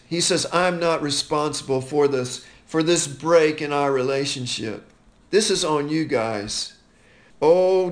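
A man teaching a verse-by-verse Bible study, quoting scripture with slow, emphatic stress. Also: fairly high pitch.

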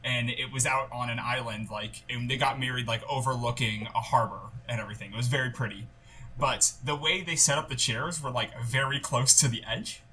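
A man's voice: medium pitch, fairly even intonation, fairly quick, bright, forceful tone. A young man co-hosting a podcast, telling a rambling story with lots of fillers in casual chat. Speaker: podcast co-host.

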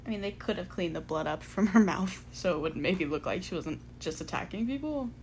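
A woman's voice: on the low side, animated, fairly quick, darkish tone, a little hiss or hum. A young woman co-hosting a casual movie podcast, recorded on a phone at home, teasing and laughing often as she swears. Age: young adult. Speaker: podcast co-host. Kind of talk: casual chat.

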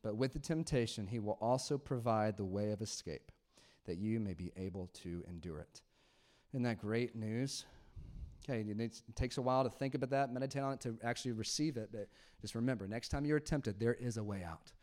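A man in his thirties preaching a sermon in a conversational, animated way, dropping to a hush and then rising loud. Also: lowish voice, brisk. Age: 30s. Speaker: pastor.

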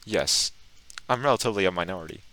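A man's voice: low-pitched, lively intonation, fast, sharp tone, poor audio. A man chatting casually while playing a game, teasing his friend with crude jokes. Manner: crude, teasing, joking banter. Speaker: gamer co-host. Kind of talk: casual gaming chat.

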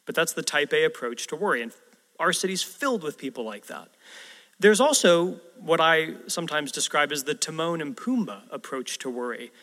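A man preaches a sermon with an easy, conversational delivery, often turning to the congregation with rhetorical questions. His voice sits a little high for a man. A long reverb from the large church hall hangs on every phrase. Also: animated, normal speed, bright, forceful tone. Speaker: pastor.

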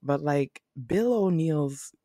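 Low-voiced woman thinking aloud. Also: expressive, slow pace, mellow, dry recording, studio quality. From United States. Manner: thinks aloud in rambling, self-correcting runs. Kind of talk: casual chat.

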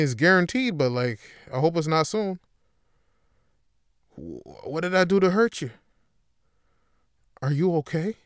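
A man hosting a solo podcast, rambling through a profane comedic monologue that swings between loud bursts and low mutters. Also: no room sound, clean studio sound. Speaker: podcast host.

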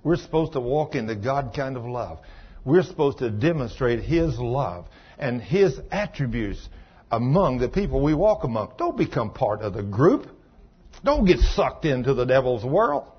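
A husky-voiced man preaching a sermon, his delivery climbing into loud, emphatic exhortation. The recording is dull and lo-fi, with the top end muffled. He talks at an everyday male pitch, plain and direct. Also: very animated, moderate pace.

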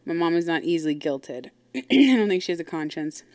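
A woman's voice: on the low side, lively intonation, fairly quick, a little mellow, no echo. A woman host telling a personal story casually, blunt and profane, with lots of asides. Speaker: podcast host.

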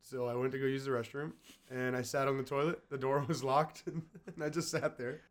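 A young man co-hosting a casual chat podcast, teasing his friend and telling lively stories. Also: medium pitch, brisk. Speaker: podcast co-host.

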